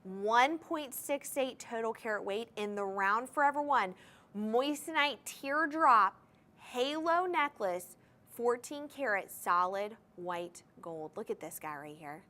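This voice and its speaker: A woman's voice: a little high, fairly bright tone. A woman hosting a live TV shopping show from a studio, selling jewelry in an enthusiastic, gushing way and talking straight to the viewers. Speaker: shopping TV host. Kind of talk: live home-shopping sales pitch.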